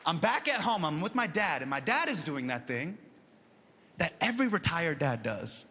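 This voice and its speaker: A man doing animated stand-up storytelling on a live stage, acting out the people in his story. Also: on the high side, moderate pace. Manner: animated, acts out characters. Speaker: stand-up comedian. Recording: loud live crowd and noise.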